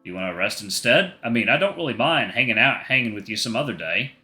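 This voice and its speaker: A man's voice: medium pitch, animated, fast talker, pushed and bright, soft background music. A man reading an earnest, protective young boyfriend. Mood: caring.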